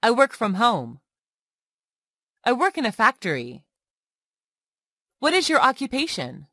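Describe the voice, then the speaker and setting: A woman reads everyday English phrases aloud as a language lesson. Her delivery is slow and deliberate, and her pitch rises and falls a lot from line to line. The recording is dry and close. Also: wildly swooping pitch, bright, forceful tone, no echo. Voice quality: slow, clearly enunciated phrase reading. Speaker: English tutor. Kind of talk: reading example phrases for learners.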